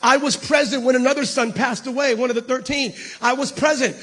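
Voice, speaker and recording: A middle-aged man preaching a sermon as pastor, animated and playful with the congregation, dropping to a hush when telling a story. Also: very high-pitched, fairly quick, husky. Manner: addresses the congregation casually, calling them "baby". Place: church service.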